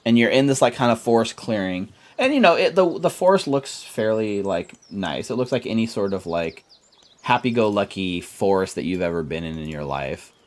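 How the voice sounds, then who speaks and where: A man's voice: fairly low pitch, lively intonation, normal speed. A man narrating as game master, loose and chatty with lots of fillers.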